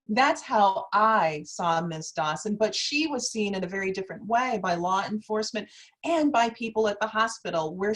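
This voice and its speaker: A woman law professor speaking on a panel over a video call, telling a story in an earnest, measured way with emphatic quoted exchanges. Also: medium pitch, poor audio. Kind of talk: academic panel talk.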